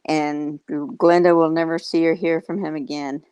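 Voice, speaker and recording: A woman's voice: low-pitched, level tone, normal speed, a little mellow, clear, resonant tone, dry recording. A woman hosting a casual livestream, greeting viewers and chatting in a teasing, rambling way. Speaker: livestream host.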